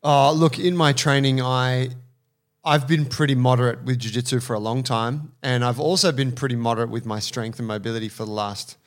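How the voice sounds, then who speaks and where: A man's voice: medium pitch, steady tone, fairly quick. A man co-hosting a casual podcast, chatting about his training with a dry, teasing manner. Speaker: podcast co-host.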